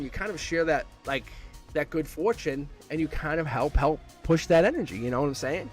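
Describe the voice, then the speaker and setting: A man's voice: on the high side, lively intonation, a little fast, faint music behind. A middle-aged man giving a live-stream tarot reading, chatty and upbeat, rambling with fillers and laughs. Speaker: tarot reader.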